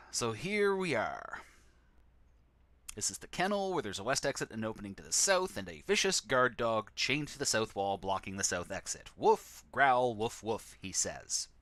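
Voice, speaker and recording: A man's voice: mid-range voice, very animated, normal speed, bright, forceful tone, no echo. Wry man streaming a text game. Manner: sarcastic, wry asides. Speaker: streamer playing a text adventure. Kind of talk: casual gameplay commentary.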